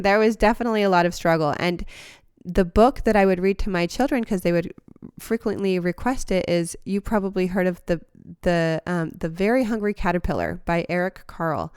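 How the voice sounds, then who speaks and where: A woman hosting a podcast who talks in an earnest, heartfelt, reflective monologue and sometimes laughs softly or restarts a phrase. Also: lowish voice, clean tone, no room sound, studio quality. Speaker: podcast host.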